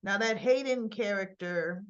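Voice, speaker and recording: A woman's voice: mid-range voice, a little slow. A woman at home, recapping soap opera episodes in a chatty, wandering way that often checks in with "right?". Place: at home with her dog. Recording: slightly dull lo-fi sound.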